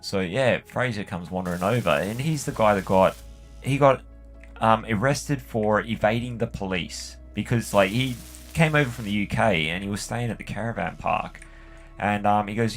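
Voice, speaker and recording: A man's voice: on the low side, normal speed, faint music behind. An Australian man telling stories in a casual, rambling, sweary way while he plays a game. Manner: rambling, sweary, full of "like" and "you know". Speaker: gaming channel host.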